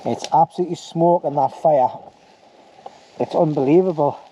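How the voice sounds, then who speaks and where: Man, bushcraft vlogger, mellow and easygoing, talking to camera outdoors with light background noise. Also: fairly high pitch, normal speed. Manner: chatty and joking, with lots of "anyway" and "like". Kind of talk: casual outdoor vlog narration. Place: woods outdoors by a campfire.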